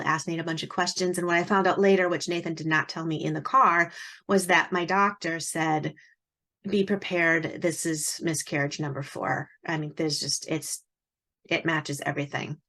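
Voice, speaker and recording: A woman in her forties, an author, telling a personal story in a lively way and acting out the dialogue. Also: on the low side. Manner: animated, acts out quoted dialogue.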